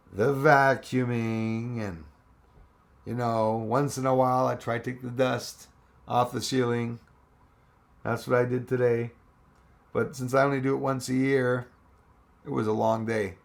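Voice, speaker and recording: A man's voice: mid-range voice, vocal fry. A man hosting a live stream, chatting casually and rambling as he answers viewers' comments with frequent laughs.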